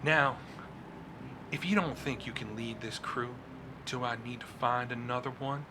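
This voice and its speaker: A man's voice: medium pitch, a little slow, background noise, close to an everyday voice. Man doing a silky, menacing villain. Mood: silkily menacing. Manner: smooth, politely threatening. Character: suave, menacing man who controls others.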